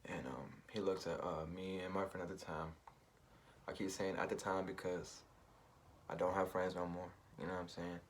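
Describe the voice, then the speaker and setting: Deep-voiced man rambling in slang. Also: fairly even intonation, moderate pace, slight background noise. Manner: rambling slangy talk with many fillers. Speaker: vlogger. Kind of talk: casual personal story.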